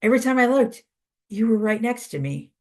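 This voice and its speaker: An earnest, confident young warrior, voiced by a storyteller in a plain everyday voice speaks in a spoken folk tale. His voice sits at an ordinary middle pitch. He is polite and sure of himself. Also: expressive, brisk, darkish tone, natural voice.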